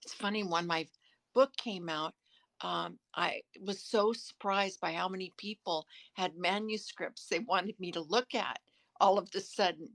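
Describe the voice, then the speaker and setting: A woman's voice: on the low side, gravelly, no echo. Earnest woman sharing tips. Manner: earnest, shares tips, halting restarts. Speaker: author and co-host. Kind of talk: casual live-stream chat. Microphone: phone.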